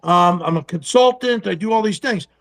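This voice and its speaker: Gravelly high-voiced man telling stories. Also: normal speed. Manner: animated storyteller who acts out quoted dialogue, salty language. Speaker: guest, pickle company co-founder. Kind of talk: casual storytelling interview.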